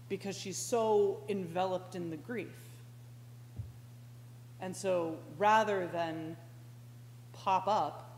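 Woman giving a casual sermon, takes her time, gets suddenly worked up, church echo all around. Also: mid-range voice. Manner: slow and reflective, with sudden animated outbursts. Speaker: pastoral intern preaching. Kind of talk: conversational sermon. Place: church sanctuary. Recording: echoey church hall with faint hum.

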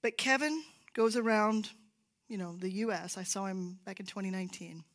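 A woman's voice: mid-range voice, moderate pace. A woman giving a sermon-style talk in church, telling stories and sometimes dropping to a whisper for emphasis. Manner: storytelling, drops to a whisper for emphasis. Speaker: church speaker. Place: church sanctuary.

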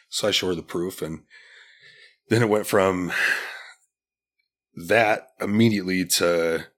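A man's voice: sits low, slow pace, long pauses. A man in his forties, a podcast guest, telling a personal story in a candid, blunt and profane way, with many restarts. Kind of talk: casual storytelling.

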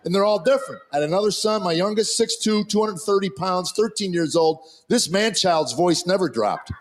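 A man's voice: high-pitched, expressive, brisk. A man doing a stand-up comedy routine, telling family stories and acting out their voices. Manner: storytelling, acts out family voices. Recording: clip played with audible background noise.

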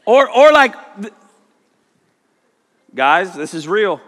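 A man's voice: sits high, very animated, takes it slowly, long pauses, a bit bright. A man preaching a sermon as pastor, joking and acting out the people he quotes. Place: church auditorium. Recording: long hall reverb.

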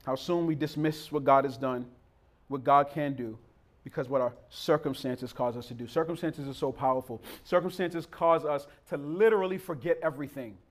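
An impassioned male preacher delivers a sermon in a rhythmic, repeating cadence that builds toward near-shouts. His voice sits notably high for a man. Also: normal speed.

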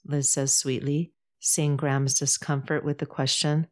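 A woman reading a novel aloud in steady scripted narration. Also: very deep voice, a little slow. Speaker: audiobook narrator.

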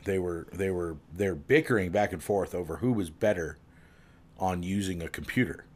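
A man casually telling long jokes as a podcast co-host, playful, jumping up in pitch for the characters in them. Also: normal speed.

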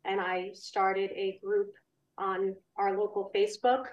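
A woman guesting as a concerned parent, speaking in an earnest, flat and steady tone. Her voice comes from away from the mic over a remote call. The audio is roomy and dull. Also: medium pitch, unhurried, recorded from a distance. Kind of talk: recounting her experience in an interview.

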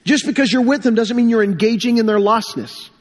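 Husky high-voiced pastor preaching in a hall. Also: male voice, brisk. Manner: earnest preaching with stories and repeated phrases. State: recovering from illness this week. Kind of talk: sermon. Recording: long hall reverb.

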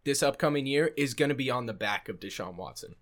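A man's voice: medium pitch, animated, quick pace, fairly bright tone. A man in casual podcast chat, agreeing along and adding short comments.

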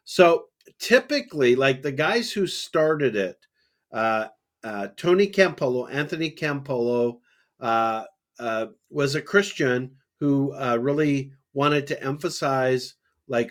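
A man co-hosting a religious discussion podcast, talking in a halting way with many fillers and restarts. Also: medium pitch, expressive. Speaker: podcast co-host.

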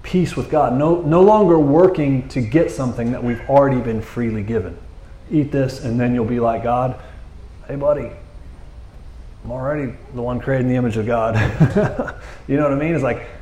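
Animated preacher man in an echoey room. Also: mid-range voice, normal speed. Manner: animated, jokey asides, quotes scripture. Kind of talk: conversational sermon.

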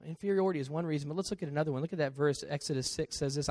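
A man preaching a sermon as pastor, swinging between quiet confession and loud storytelling. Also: fairly high pitch, steady tone, very fast, few pauses, no room sound.

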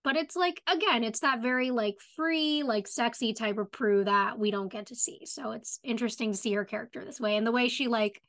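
A woman's voice: on the high side, fairly quick, hardly any pauses, fairly bright tone. A young adult woman co-hosting a podcast, chatting loosely about a TV episode and quoting the characters as she retells the scenes. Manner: chatty, quotes characters with "she's like", many "like" fillers. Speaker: podcast co-host. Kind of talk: casual chat recapping a TV episode.

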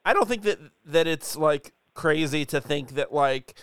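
A man in a casual movie chat, relaxed and joking, laughing often. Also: fairly high pitch, measured pace, clear, resonant tone, no room sound, clean studio sound.

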